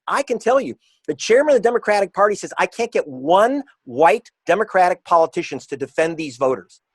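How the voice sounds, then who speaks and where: A man being interviewed as an author and reporter, talking in an emphatic, combative way and slowing down to stress his points. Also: on the high side, no echo. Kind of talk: interview guest.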